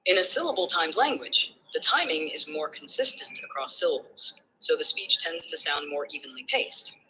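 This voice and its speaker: A text-to-speech assistant voice giving smooth, structured explanations in numbered points. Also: medium pitch, lively intonation, moderate pace, pushed and bright, poor audio. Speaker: AI assistant answering questions.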